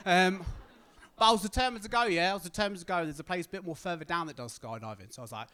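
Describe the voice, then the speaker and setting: A young man from Britain telling a stand-up story on stage, animated and acting out the other people's voices. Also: sits high, fast, smooth. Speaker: stand-up comedian.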